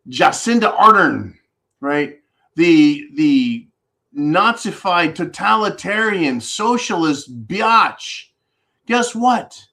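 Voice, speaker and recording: A man hosting a preparedness channel's live stream, giving animated, ranting, profane commentary. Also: high voice.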